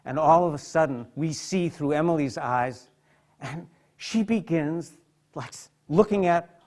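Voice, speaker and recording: A man giving a lecture as a psychotherapist, speaking with heartfelt feeling and dropping soft and quiet in tender passages. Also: a little high, measured pace. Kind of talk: emotional lecture with literary readings. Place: hospital lecture hall.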